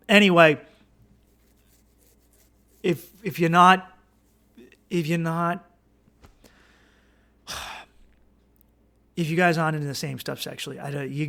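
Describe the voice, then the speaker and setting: A man with a somewhat high, gravelly voice talks straight into the mic, blunt and profane as he hands out advice. He rambles and restarts his sentences as he goes. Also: fairly bright tone. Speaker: podcast host. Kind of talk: casual advice monologue.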